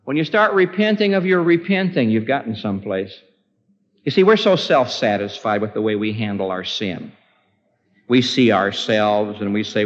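A man preaching a sermon with impassioned, pleading delivery, his voice climbing high in prayer. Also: expressive, normal speed. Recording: dull lo-fi recording with long hall reverb.

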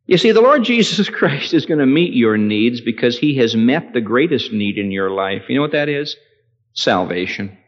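A man preaching a sermon with strong emphasis, his voice swelling loud and high on key words and then dropping low, telling a story with acted dialogue. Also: big pitch swings, moderate pace. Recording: echoey hall, dull lo-fi sound.

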